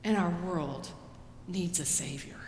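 Slow-preaching woman pastor in echoing church. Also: fairly low pitch, a little hiss or hum. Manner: slow, deliberate preaching that rises for quoted pleas and falls soft. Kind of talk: sermon. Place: church sanctuary. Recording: roomy church with long reverb.

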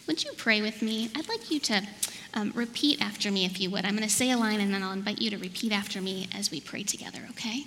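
A woman's voice: mid-range voice, quick pace. A woman pastor giving a children's message and sermon in a church sanctuary, coaxing and asking questions. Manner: warm, coaxing, asks questions. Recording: reverberant church hall, faint noise.

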